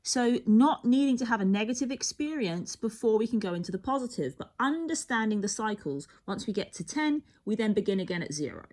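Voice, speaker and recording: A tarot reader with a slightly mellow voice on the high side talks briskly and animatedly, with hardly any pauses. Her reading is rambling and musing, often cut off mid-sentence, and she sometimes drops almost to a whisper.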